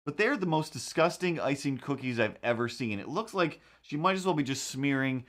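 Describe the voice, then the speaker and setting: A man hosting a livestream, chatting casually while he draws and telling rambling, animated stories with quick put-on voices. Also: medium pitch. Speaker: livestream host. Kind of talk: casual chat while drawing.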